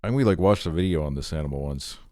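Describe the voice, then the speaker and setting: A man's voice: rumbling low, animated, rapid-fire, mellow, dry recording, clean studio sound. A man streaming live, reading short items aloud and reacting to them with blunt, profane, offhand remarks.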